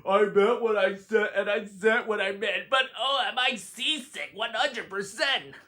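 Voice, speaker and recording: A man voicing a gentle, faithful elephant in a storybook, speaking in earnest, plaintive declarations. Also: high voice, unhurried, a little hiss or hum, pitched above the performer's own voice. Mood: seasick.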